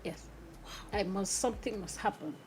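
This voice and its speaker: A woman speaking candidly as a podcast guest, expressive and quick to laugh, her voice swinging from soft to loud. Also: medium pitch, slight background noise. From Nigeria. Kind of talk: candid conversational interview.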